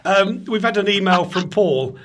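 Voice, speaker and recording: A man's voice: high voice, moderate pace. A man co-hosting a casual chat show, teasing his co-hosts and chuckling as he reads out items. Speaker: co-host. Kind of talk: casual banter, reading news items.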